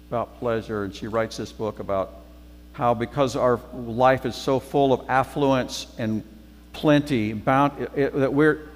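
Conversational male preacher in a reverberant hall. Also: medium pitch. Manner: conversational, repeats phrases for emphasis. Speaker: guest preacher. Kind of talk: sermon.

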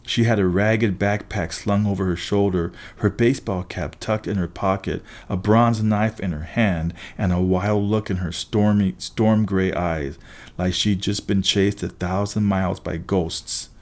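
A man reading a first-person adventure story aloud as an audiobook narrator, brisk, with occasional restarts. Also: low-pitched, steady tone.

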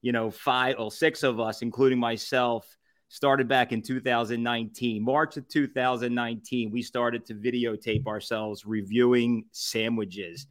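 A man's voice: medium pitch, fairly even intonation, a little slow. A man, a podcast guest telling stories in a casual, rambling way with frequent laughs and filler words. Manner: rambling, laughs often, many fillers and restarts. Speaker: podcast guest, co-founder of a food review group. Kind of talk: casual storytelling chat.

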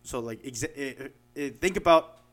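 A man's voice: medium pitch, moderate pace. A man co-hosting a casual podcast chat, talking in a rambling way full of fillers and restarts, explaining his ideas through examples. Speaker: podcast co-host.

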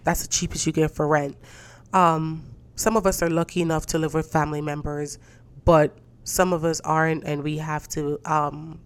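A young woman with a deep, low-set voice hosts her own podcast, chatting casually. She sounds stuffy from a cold and tells stories in an animated way, acting out the dialogue and swearing freely. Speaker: podcast host. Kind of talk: casual solo podcast chat.

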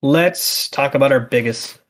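A man hosting a casual podcast chat, talking in animated, heated rants. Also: mid-range voice, measured pace. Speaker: podcast host.

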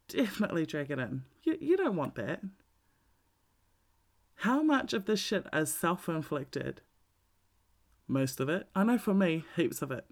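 Blunt, swearing woman. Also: deep voice. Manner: blunt, swears freely, animated emphasis. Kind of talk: casual monologue.

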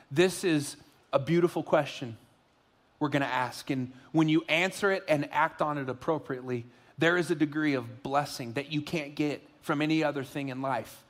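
A middle-aged man preaches a sermon to a church, with a voice a bit higher than most men's. He jokes and talks with animation, then settles into an earnest tone. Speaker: pastor. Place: church auditorium.

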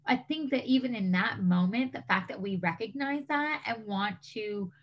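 A woman's voice: medium pitch, moderate pace, muffled recording. A woman hosting a podcast, chatting in a gushing way with many fillers. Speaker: podcast host. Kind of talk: casual chat.

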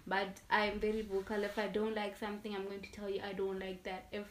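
A woman's voice: medium pitch, monotone, a little fast. A young woman in casual chat as a podcast guest, talking openly and expressively with frequent restarts and laughs. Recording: echoey room, distant from mic.

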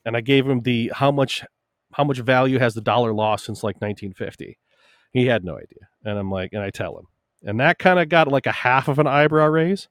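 A man on a casual podcast telling stories from his shop, animated and talkative, swearing casually. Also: moderate pace, no room sound, studio quality. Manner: animated storyteller, swearing casually, lively rises in pitch. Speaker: podcast co-host, shop owner.

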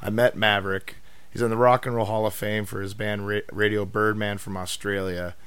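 Animated storytelling man, dry sound. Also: fairly low pitch, moderate pace, clean tone, dry recording. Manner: animated, swearing storyteller who acts out other people's lines. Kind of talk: casual chat, storytelling.

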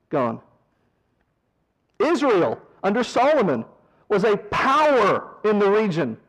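A man leading a verse-by-verse Bible study, animated, swinging from loud emphasis to quiet asides and mocking mourners in a whiny voice. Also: fairly high pitch, poor audio. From American South. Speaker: Bible teacher.

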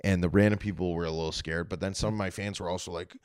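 A man's voice: low voice, steady tone, fast, a little mellow, clean tone, dry recording, studio quality. A young man from Canada hosting a comedy podcast, talking in a blunt, profane, joking way. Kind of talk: casual podcast chat.

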